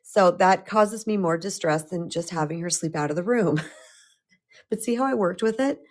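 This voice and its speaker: Middle-aged woman, a coach on a casual live stream; slightly low voice, lively and chatty, restarts her thoughts. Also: normal speed. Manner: chatty, animated, with frequent restarts. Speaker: spiritual empowerment coach.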